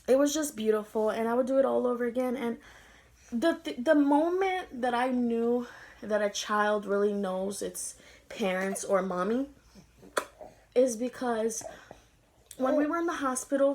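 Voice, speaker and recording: A woman's voice: fairly high pitch, measured pace, a little mellow. A young woman vlogger telling an emotional story, tender and rambling, teary-eyed as she talks.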